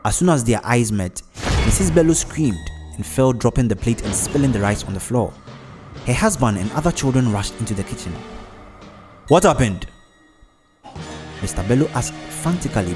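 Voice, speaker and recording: A man reading a dark story aloud in a dramatic, scripted narration. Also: medium pitch, lively intonation, brisk, music in the background. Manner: dramatic, acts out every character.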